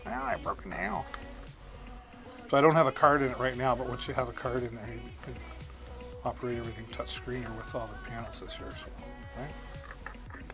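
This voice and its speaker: A man's voice: mid-range voice, little pitch movement, brisk, over music. A man hosting a live shopping stream, chatting casually and greeting viewers by name as he demos products. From Canada.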